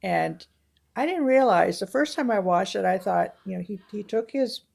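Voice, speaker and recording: A woman co-hosting a casual film review chat, retelling movie scenes with animated storytelling. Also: medium pitch, moderate pace, gravelly. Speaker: podcast co-host.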